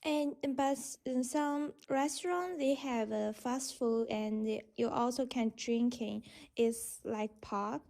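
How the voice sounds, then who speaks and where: High-voiced woman with a Chinese accent, unhurried. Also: vocal fry, darkish tone. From China. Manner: simple, hesitant English with short answers. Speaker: guest, English learner. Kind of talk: casual conversational interview.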